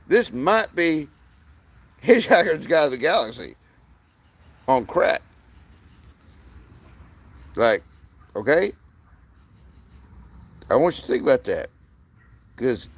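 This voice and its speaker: A man's voice: on the high side, gravelly. A man delivering a rambling, profane monologue as the channel's host, often restarting his sentences.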